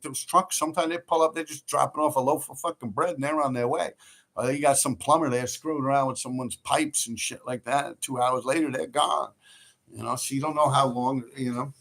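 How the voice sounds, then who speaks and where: This livestream host from New York City has a gravelly, medium-pitched voice with a bit of brightness. He spins casual, rambling stories laced with profanity and frequent laughter.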